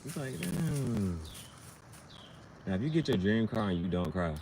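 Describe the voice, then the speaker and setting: A man's voice: on the low side, big pitch swings, unhurried, a little mellow, a little hiss or hum. A man talking in a loose, slangy monologue that keeps drifting into playful rhymes. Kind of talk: casual rhyming monologue.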